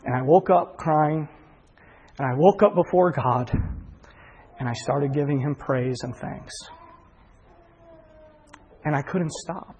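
A man's voice: fairly high pitch, gravelly, a little mellow, slightly rough. A man telling his personal testimony in an earnest, heartfelt way, often stumbling over repeated words, recorded in a large hall. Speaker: speaker giving a personal testimony. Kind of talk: sermon-like storytelling. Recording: long hall reverb.

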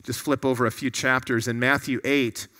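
A man's voice: mid-range voice, flat delivery, moderate pace, bright, forceful tone. A man preaching a sermon to a room of listeners, earnest and often putting questions to them.

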